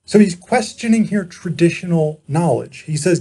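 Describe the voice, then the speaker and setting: A man giving an informal philosophy lecture. He explains in a measured way, pausing often and correcting himself as he goes. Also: a little high, lively intonation, dark tone, husky. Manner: measured explaining, frequent pauses and self-corrections.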